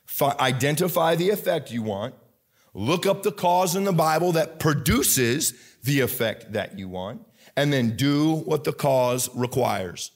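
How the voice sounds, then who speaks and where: Fervent Midwestern American man preaching. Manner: excitable, swings between low earnest talk and loud fervent bursts; halting, many restarts and fillers. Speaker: pastor. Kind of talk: sermon.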